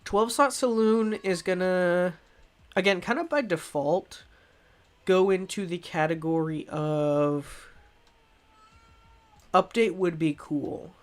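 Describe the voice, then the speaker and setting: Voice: medium pitch, takes it slowly, long pauses. A game streamer chatting casually on a live stream, rambling and restarting often and sounding a little stuffy from a cold. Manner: rambling and self-correcting, with frequent restarts and laughs. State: slightly stuffy, coming down with a cold. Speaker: streamer reviewing games.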